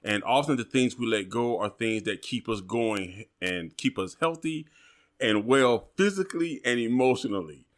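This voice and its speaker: A man hosting a podcast, opening the episode in a measured, earnest way. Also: mid-range voice, animated. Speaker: podcast host.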